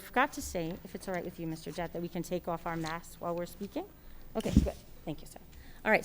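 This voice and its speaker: A woman's voice: on the low side, a little hiss or hum. A woman chairing a school committee meeting, polite and a little hesitant, with many fillers. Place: meeting room.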